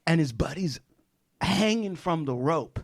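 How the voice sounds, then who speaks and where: A man with a slightly high voice spins a long tale on a casual podcast. He talks in a loose, profane way and bursts into shouted re-enactments. The sound is dry and close. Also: expressive, measured pace, no echo. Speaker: podcast guest, film director.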